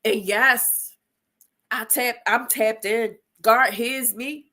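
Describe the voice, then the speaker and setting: A middle-aged woman, hosting an inspirational show, speaks slowly in a voice on the high side, bright and forceful with fairly even intonation. Her preacher-like monologue repeats phrases emotionally, defiant and near tears.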